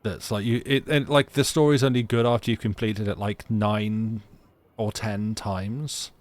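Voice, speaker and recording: A man streaming a story game, chatting sarcastically in a halting, rambling way and reading game text aloud. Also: lowish voice, fairly even intonation. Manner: rambling, halting, full of restarts, sarcastic jokes.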